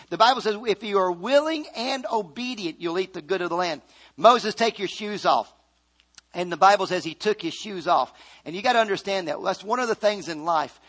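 A man preaching a sermon, animated, repeating phrases and acting out scripture quotes. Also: sits high. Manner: animated, shouts and repeats for emphasis; acts out scripture quotes in voices.

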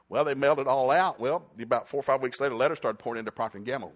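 Male preacher, animated storytelling, acts out voices and sound effects, mid-pitched. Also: rapid-fire, hardly any pauses. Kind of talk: storytelling sermon.

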